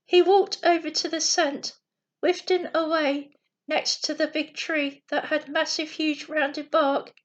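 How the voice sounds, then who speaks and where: A woman reading a bedtime story aloud slowly and carefully, with small slips. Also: sits high, little pitch movement.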